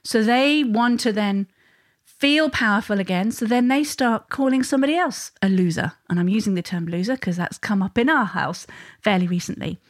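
A woman, talking straight to viewers about parenting in a conversational way, often adding tag questions. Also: medium pitch. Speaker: parenting educator.

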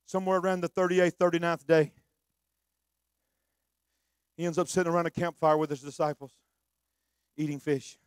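A man preaching a sermon, shouting fervently at times and dropping to hushed storytelling. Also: on the high side, little pitch movement, moderate pace, long pauses, clean tone, no room sound.

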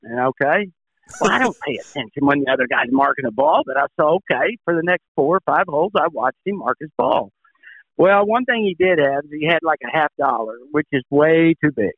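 An older man and former tour pro, a show regular, telling a folksy, animated story in casual chat. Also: on the high side, brisk, gravelly, no echo. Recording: tinny phone line.

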